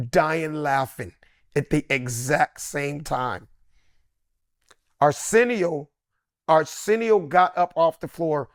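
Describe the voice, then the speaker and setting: A man in his fifties, a guest comedian, telling an animated anecdote and acting out voices. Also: a little high, dry recording, studio quality. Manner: lively, acts out other voices.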